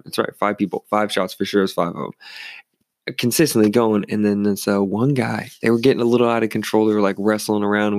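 Gravelly man telling bar stories. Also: fairly low pitch, no room sound. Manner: rambling and animated, with many restarts. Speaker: former bartender telling stories. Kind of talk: casual storytelling. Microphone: studio microphone.

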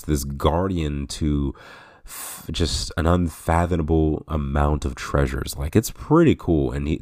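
Brief: man with a very low voice, rambling podcast host, dry close sound. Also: a little mellow, no room sound. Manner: rambling, self-correcting, chuckles often. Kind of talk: casual game retrospective commentary.

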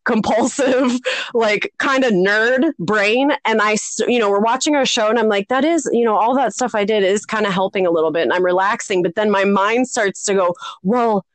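A woman's voice: mid-range voice, normal speed, dry recording. A woman co-hosting a podcast, telling a rambling story in casual chat, laughing often and poking fun at herself. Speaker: podcast co-host.

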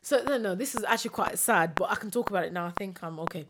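A woman co-hosting a podcast, telling stories in a casual, emotional and animated way. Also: medium pitch, fast talker, noisy background. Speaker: podcast co-host. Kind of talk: casual chat.

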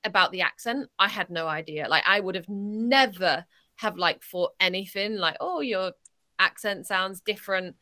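A woman's voice: mid-range voice, moderate pace, sharp tone, no echo. A woman hosting a podcast, asking questions casually with hesitant fillers. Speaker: podcast host. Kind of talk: casual interview.

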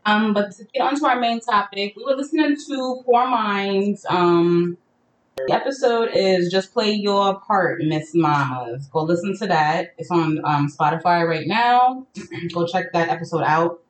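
A woman's voice: medium pitch, measured pace, a little hiss or hum. A woman with a New York accent co-hosting a casual podcast, talking loosely with lots of ums. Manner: casual, filler-heavy, laughs often. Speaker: podcast co-host. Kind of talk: casual chat. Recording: roomy sound from a distant mic.

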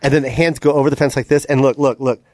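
A man's voice: mid-range voice, fast talker. A man hosting a podcast, chatting casually and acting out a story with playful voices. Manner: animated storyteller, acts out scenes with voices. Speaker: podcast host. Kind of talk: casual chat.

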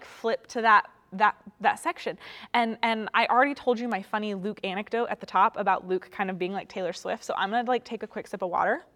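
A young woman teaching from the Bible in a casual, chatty way, telling stories with playful asides. Her voice sits fairly high. A long reverb trails behind her words. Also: a bit bright.

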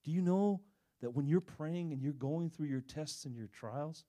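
A middle-aged male preacher delivers a sermon with a slightly high voice. He is animated, rising into loud bursts and dropping to near-hushed tones, and he slips into voices for the characters he describes. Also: normal speed. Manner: animated, dramatic swings in volume, acts out quoted voices.

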